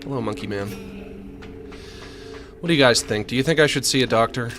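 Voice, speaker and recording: A man's voice: mid-range voice, fairly quick, fairly bright tone, a little hiss or hum. A man streaming a game, chatting casually and rambling to his viewers. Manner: rambling, chatty, self-deprecating. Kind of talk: casual let's-play chat.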